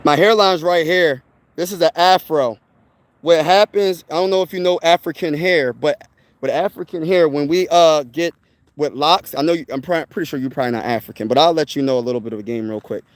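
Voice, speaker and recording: A man's voice: a little high, brisk, dry recording. Fired-up young man ranting casually. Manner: emphatic, rambling, peppered with "bro" and "man". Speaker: sports channel host. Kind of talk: casual sports chat to viewers.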